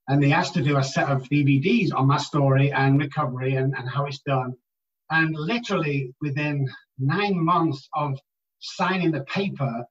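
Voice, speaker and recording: A man with an English accent tells his story to an interviewer, leaning hard on the words that matter. His voice sits a little high. The recording is dull and echoey, as if he is far from the mic. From England. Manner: animated storyteller who stresses key words. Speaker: guest, addiction recovery specialist. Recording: distant, muffled, roomy remote audio.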